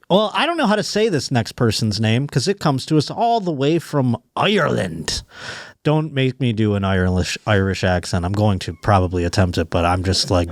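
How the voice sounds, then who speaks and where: This is a man hosting a comedy podcast, reading stories aloud and joking through them. His voice swings widely in pitch and sounds dry and close to the microphone. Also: dry recording. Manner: joking, laughing, lively reading of news stories. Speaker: podcast host. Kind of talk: casual comedic chat.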